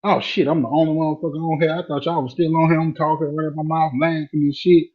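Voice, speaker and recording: A man's voice: a little high, fast, breathy edge. A man casually telling a profane workplace story on a live online audio chat, laughing as he talks. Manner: relaxed, profane, laughs while talking. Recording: dull lo-fi phone audio.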